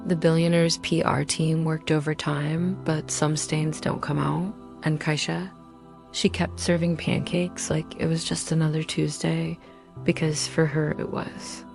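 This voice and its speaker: A woman's voice: low voice, little pitch movement, unhurried, gravelly, a little mellow, faint music behind. A woman narrating a scripted dramatic story in punchy short sentences.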